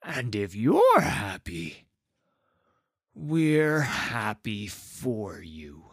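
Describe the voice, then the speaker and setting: Storybook father figure, very low and drawn out, husky, voiced by a woman. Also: huge pitch swings, extremely slow, dry recording, studio quality, full character voice. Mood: gentle. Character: plodding deep-voiced Yordle father.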